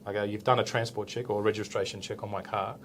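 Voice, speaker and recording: A fast-talking Australian man in his forties, a police officer in an interview, delivers a casual, animated story, acting out each exchange and ending lines with "right?" His voice runs low, and there's a bit of background noise.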